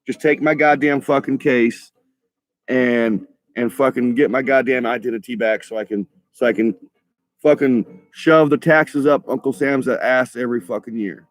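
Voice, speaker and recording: A man's voice: mid-range voice, moderate pace. Profane ranting man, stammering. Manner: profane, heated, stammering restarts. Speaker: vlogger. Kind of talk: ranting monologue.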